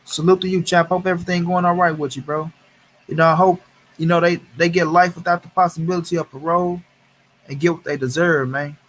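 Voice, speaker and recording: Man, livestream host, angry, profane, repetitive, slightly higher voice. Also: fairly even intonation, a little fast, a bit bright. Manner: heated, profane, repeats phrases for emphasis; greets viewers in chat by name. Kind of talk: angry casual livestream commentary.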